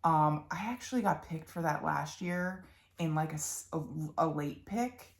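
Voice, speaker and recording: A woman's voice: sits low, expressive, a little slow, gravelly. A young woman from Philadelphia with a Philly accent, chatting casually and rambling about her stitching projects, with lots of ums and restarts. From Philadelphia, USA. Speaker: cross-stitch vlogger.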